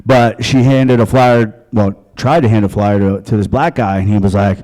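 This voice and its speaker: A man performing a stand-up comedy set on a club stage into a handheld mic, with a crude, deadpan, conversational delivery. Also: fairly low pitch, brisk, hardly any pauses, poor audio.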